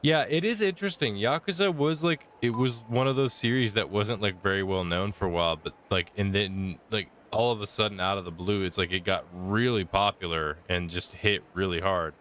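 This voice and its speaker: A man's voice: lowish voice, normal speed, few pauses, fairly bright tone, a little hiss or hum. A man streaming a game, chatting casually with lots of fillers and restarts. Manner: rambling, filler-heavy chat. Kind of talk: casual gaming commentary.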